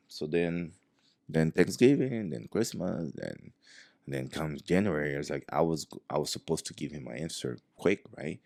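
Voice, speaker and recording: A man's voice: very deep voice, moderate pace, creaky, dry recording, studio quality. A man, a jiu-jitsu professor telling a story in casual talk, acting out the dialogue as he goes. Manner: animated, acts out quoted dialogue.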